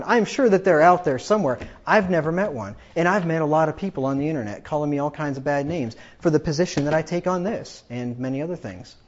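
Combative high-voiced preacher, lo-fi. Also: male voice, a little mellow. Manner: combative, sarcastic, rising to emphatic peaks. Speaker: pastor. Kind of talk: sermon.

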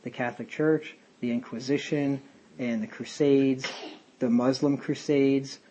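A man's voice: medium pitch, steady tone, unhurried, mellow, highs cut off, a little hiss or hum. A man leading a casual Bible study, talking in a rambling, conversational way with many fillers and tangents. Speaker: Bible teacher.

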